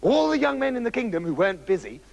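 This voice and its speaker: A man narrates a comic fairy tale with playful asides. His voice sits high and swings widely in pitch. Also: big pitch swings, fast talker, gravelly, lo-fi sound. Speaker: storyteller.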